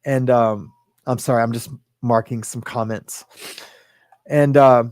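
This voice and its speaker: Man in his fifties, livestream host, halting rambling storytelling, dry close sound, mid-range voice. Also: mid-range voice, steady tone, darkish tone, no room sound. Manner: rambling, halting, many fillers and restarts. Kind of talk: casual storytelling.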